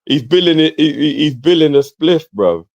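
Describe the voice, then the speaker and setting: A man's voice: fairly high pitch, normal speed, creaky, no room sound, lo-fi sound. A man co-hosting a casual football live stream, telling stories with slang. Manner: relaxed storytelling banter with slang.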